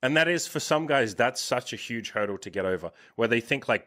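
A man in his thirties hosting a podcast as a dating coach, talking bluntly with lots of swearing and animated storytelling. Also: medium pitch, brisk, hardly any pauses. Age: 30s. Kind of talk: casual podcast interview.

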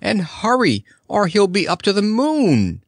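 A man's voice: high voice, huge pitch swings, a little slow, dry recording, studio quality, pitched above the performer's own voice, exaggerated voice. A man voicing a frantic, pleading little girl in a storybook reading. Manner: pleading, urgent.

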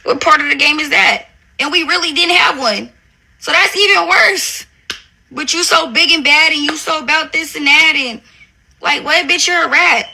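A woman's voice: high voice, normal speed, creaky, sharp tone, low-quality recording. A young woman, ranting angrily and profanely at a rival in a confrontational, taunting social media video. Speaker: reality show cast member. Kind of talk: angry social media rant.

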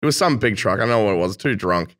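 Bright, animated man telling stories. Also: fairly low pitch, fast talker. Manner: animated, swears freely, laughs mid-story. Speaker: podcast guest. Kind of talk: casual storytelling.

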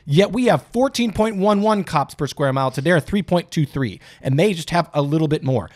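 A man co-hosting a casual podcast, excitable and quick to laugh as he riffs. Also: fairly high pitch. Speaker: podcast co-host. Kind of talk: casual chat.

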